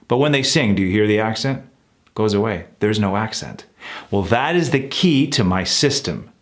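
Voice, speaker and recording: A man teaching pronunciation, exaggerating his sounds as he drills words and encourages viewers. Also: mid-range voice. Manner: encouraging, direct address to viewers. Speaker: accent coach. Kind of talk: pronunciation lesson.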